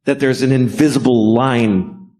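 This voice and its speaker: A middle-aged man doing a stand-up comedy set on stage, deadpan and profane, acting out bits. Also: medium pitch, a little slow. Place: stage before a live audience.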